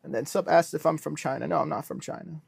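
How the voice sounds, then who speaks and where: Gravelly high-voiced man hosting a livestream. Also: fast talker, no echo. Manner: deadpan self-styled businessman persona. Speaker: livestream host. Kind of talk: casual livestream chat reading comments.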